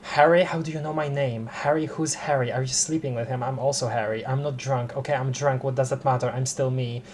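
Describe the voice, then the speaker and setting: A man streaming a narrative game, reading dialogue aloud with puzzled, halting remarks. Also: medium pitch, steady tone, slight background noise. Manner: puzzled, reads dialogue choices aloud, many restarts.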